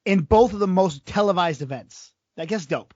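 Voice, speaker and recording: A man's voice: sits high, expressive, moderate pace, a little mellow, dry recording. A man co-hosting a casual podcast, slangy and joking with a sarcastic edge. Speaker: podcast co-host. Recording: dull lo-fi dry sound.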